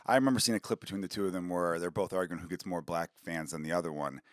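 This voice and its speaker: A man's voice: sits low, dry recording, studio quality. Snel pratende man, droog opgenomen. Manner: quick, loose storytelling with crude jokes. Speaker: podcast guest, comedian. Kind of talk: casual chat.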